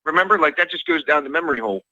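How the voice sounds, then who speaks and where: A male caller talks to a radio host over the phone in a rambling, stop-start way, losing his thread. His voice is very bright and a little high. The phone line is dull and muffled, with a dry sound. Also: expressive, no room sound. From Delaware. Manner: rambling, halting, laughs between points. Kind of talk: call-in phone conversation. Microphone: telephone.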